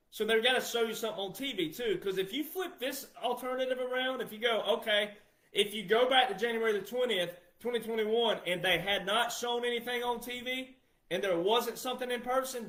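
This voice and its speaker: A middle-aged man with a high voice delivers a casual monologue, pressing his points with repetition and calling out to his listeners. His voice echoes around a reverberant room. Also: fairly bright tone. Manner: emphatic, repetitive, addresses the audience directly. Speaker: commentator.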